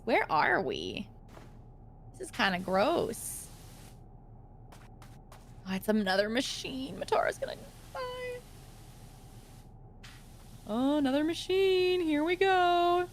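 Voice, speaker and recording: A woman's voice: high-pitched, a little hiss or hum. A woman streamer chatting casually and playfully while she plays a game with a friend, often cooing at the game's mascot. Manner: playful, giggly, talks to the game's mascot in a sing-song voice. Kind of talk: casual gaming chat.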